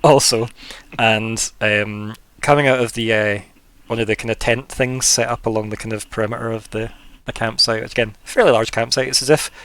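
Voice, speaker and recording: A man's voice: mid-range voice, steady tone, a little fast, fairly bright tone. Rambling man running a tabletop game. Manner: rambling, many fillers. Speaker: game master.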